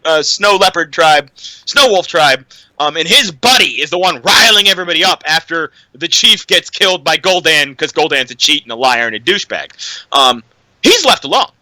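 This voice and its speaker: Animated high-voiced man ranting about a film. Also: normal speed, dry recording, poor audio. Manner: animated, profane, lots of "um"s. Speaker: podcast co-host. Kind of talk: casual chat, film rant.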